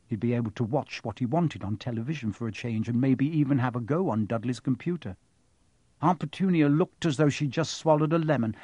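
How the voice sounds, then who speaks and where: A man reading a novel aloud as an audiobook, in an expressive, animated storytelling manner. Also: medium pitch, fairly quick, breathy edge, dry recording. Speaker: narrator. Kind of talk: audiobook narration.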